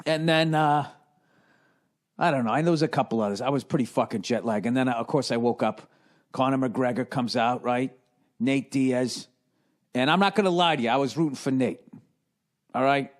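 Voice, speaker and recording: A man's voice: mid-range voice, moderate pace, long pauses. A man in his forties with a Boston accent, telling a rambling, profane comic story on his podcast and mimicking the people in it. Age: 40s. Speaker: comedian and podcast host.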